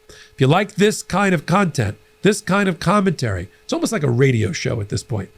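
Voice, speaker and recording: A middle-aged man hosting a political commentary show, talking in an animated, conversational way with frequent restarts. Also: fairly high pitch. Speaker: host.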